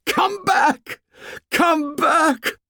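A man voicing a desperate young boy who shouts in a strained, high-pitched voice. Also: drawn-out words, no echo, clean studio sound, full character voice. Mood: anguished.

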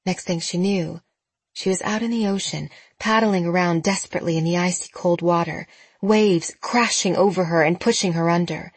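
A woman narrating a novel as an audiobook, in a steady, even storytelling manner. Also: fairly low pitch, moderate pace, breathy edge, no echo. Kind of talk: scripted narration.

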